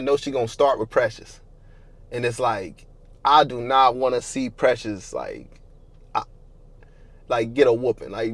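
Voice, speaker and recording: A man's voice: medium pitch, dry recording. Man telling a raw storytime, slangy and candid. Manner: slangy, candid, swearing, rising in anger. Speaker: storyteller vlogger. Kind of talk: casual storytime monologue.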